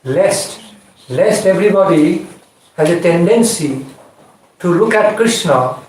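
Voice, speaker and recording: Slow-explaining man teacher in echoey room. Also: sits high, expressive, darkish tone. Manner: measured, repeats phrases, chants Sanskrit verses. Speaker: spiritual teacher. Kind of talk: scripture class lecture. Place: indoor class room. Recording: echoey room, distant mic, faint noise.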